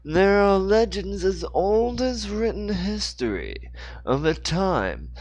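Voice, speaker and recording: A man voicing a pompous male mayor with a British accent, lecturing slowly in a read-aloud story. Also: high-pitched, very animated, noisy background, pitched above the performer's own voice, full character voice. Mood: grandiose.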